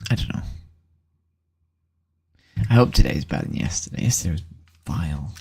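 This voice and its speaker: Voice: deep voice, lively intonation, a little fast, gravelly, darkish tone, slightly rough. A vlogger thinking aloud in a rambling, hesitant way while setting things up on a computer. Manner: rambling, hesitant, trailing off with many ums.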